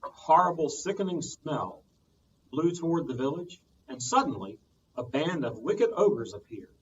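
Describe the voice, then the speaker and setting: A man, a children's librarian, reading a storytime tale aloud with lively sound effects, heard from a distance on muffled audio. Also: a little high, moderate pace, slight background noise.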